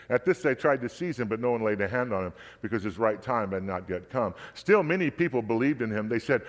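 A man reads scripture aloud in a steady, measured way. His pitch sits in the middle range. A long hall reverb trails every phrase. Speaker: scripture reader. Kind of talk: scripture reading.

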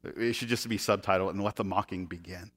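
A man preaching as pastor retells a scripture story briskly, his voice a bit bright with fairly even intonation. He adds sarcastic jokes, laughs occasionally, and acts out quotes in higher and lower voices.

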